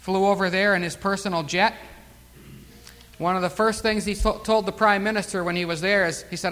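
A man preaches with a high, ringing voice that swells on his key words. His sermon echoes with the long reverb of a large hall. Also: steady tone, brisk, pushed and bright. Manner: fervent preaching, surging emphasis on key words.

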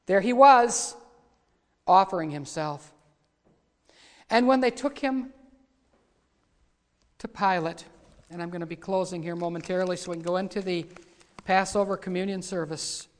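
A man preaching a sermon, retelling the story dramatically and voicing the quoted lines louder. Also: high voice. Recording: long hall reverb.

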